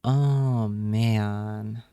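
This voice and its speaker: A man's voice: fairly low pitch, fairly even intonation, very slow, warm tone, smooth, no echo, studio quality. A man streaming live, chatting casually with his viewers and reacting with wry remarks and repeated words.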